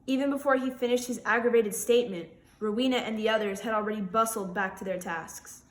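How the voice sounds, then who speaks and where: A woman's voice: mid-range voice, brisk, roomy sound. A young woman, a student author, introduces herself and reads her own short story aloud, giving the characters voices. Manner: expressive reading, voicing characters.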